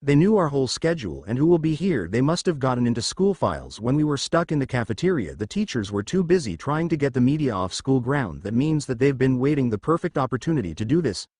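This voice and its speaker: A man's voice: mid-range voice, very animated, fast talker, few pauses, a little mellow, dry recording, clean studio sound. A man voicing a polite, composed teen girl student who talks earnestly and thoughtfully, in a fan story reading.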